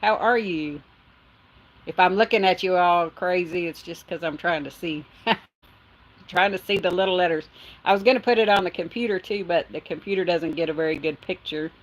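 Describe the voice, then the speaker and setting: A middle-aged woman hosts a casual livestream from her phone, talking in a slightly low voice. She chats easily, reads out comments from viewers and laughs often between remarks. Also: moderate pace. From Texas. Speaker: livestream host.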